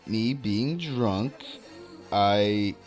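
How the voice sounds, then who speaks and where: A man's voice: fairly low pitch, drawn-out words, faint music behind. A young man vlogging a casual story, rambling and swearing freely as he tells it. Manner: rambling, profane, animated storytelling.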